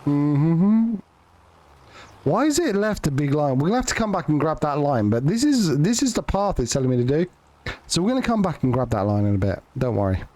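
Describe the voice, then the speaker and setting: A man's voice: on the high side, sing-song, fairly quick, dark tone. Guy streaming a farm game, joking and swearing, voice bouncing all over. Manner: joking, sweary, rambling with restarts. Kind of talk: casual live-stream chat.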